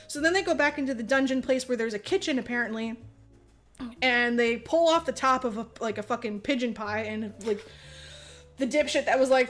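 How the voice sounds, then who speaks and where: A woman's voice: sits high, fairly quick, a bit bright, faint music behind. A woman podcast host giving a casual comedic movie recap, rambling, swearing freely and laughing as she talks. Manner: profane, rambling, laughs often while telling.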